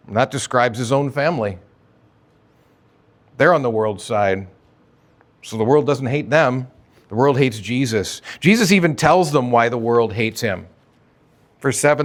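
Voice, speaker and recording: A man's voice: mid-range voice, lively intonation, measured pace, pauses often. A male pastor preaching an expository sermon in a conversational way, often asking rhetorical questions.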